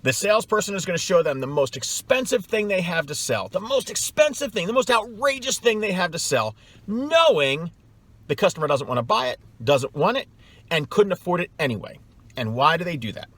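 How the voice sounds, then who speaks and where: A man's voice: high-pitched, very animated, a little fast, fairly bright tone, no echo. A middle-aged man coaching salespeople in a blunt, scornful way, hammering his points home through repetition. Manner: emphatic, scornful, repeats points for effect. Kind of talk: blunt advice vlog.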